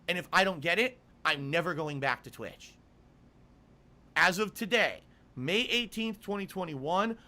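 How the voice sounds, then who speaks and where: A man's voice: sits high, expressive, unhurried, pushed and bright. A middle-aged male streamer ranting angrily to his viewers, swearing and repeating his demands. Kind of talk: angry rant to camera.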